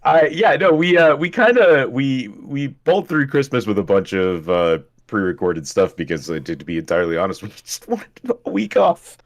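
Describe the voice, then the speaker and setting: A man's voice: mid-range voice, very animated, normal speed, hardly any pauses. A podcast co-host in casual chat, laid-back, chuckling as he talks and swearing casually.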